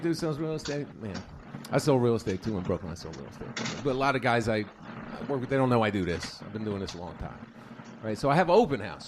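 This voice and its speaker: On a comedy club stage, a man with a mid-range voice performs stand-up against a noisy background. He tells crude stories and acts out their characters, stutters included.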